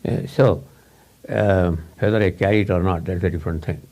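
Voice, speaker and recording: A man with a low, gravelly voice gives an informal spiritual talk to students. He speaks in English, his second language. He rambles, repeats words and chuckles between thoughts. The tone is mellow and a little husky. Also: steady tone, brisk. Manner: rambling, repetitive, chuckles often. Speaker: spiritual teacher.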